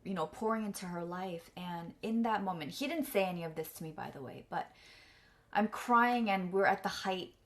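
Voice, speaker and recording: A woman's voice: medium pitch, moderate pace, fairly bright tone. A young woman telling a personal story candidly, full of fillers and close to tears. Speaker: vlogger and coach.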